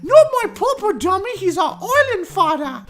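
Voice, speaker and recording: A man voicing an indignant island villager in a squeaky, exaggerated mock British accent. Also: sing-song, normal speed, fairly bright tone, heavily acted.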